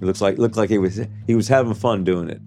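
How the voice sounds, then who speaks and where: A man in his seventies telling his life story in an interview, halting and full of restarts and "you know" fillers. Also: on the low side, warm tone, faint music behind. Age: 70s.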